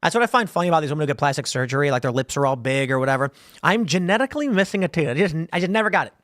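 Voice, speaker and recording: A man's voice: medium pitch, lively intonation, racing, fairly bright tone, no room sound, clean studio sound. A man in his thirties hosting a live-stream show, rambling through casual commentary with frequent restarts and a conversational tone. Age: 30s. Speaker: show host.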